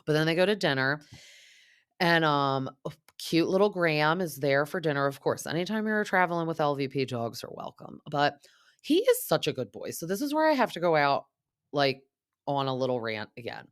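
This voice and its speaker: A woman's voice: low voice, big pitch swings, moderate pace, clean tone, no room sound, studio quality. A woman hosting a reality TV recap, talking in a chatty, casual way with lots of fillers and acted-out quotes.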